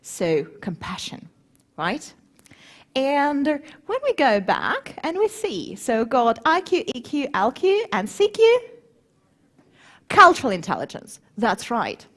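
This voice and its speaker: Conference speaker: lively woman with a husky edge, engages the crowd with questions. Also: sits high, slow pace. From grew up between Moscow and Warsaw. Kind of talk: conference talk.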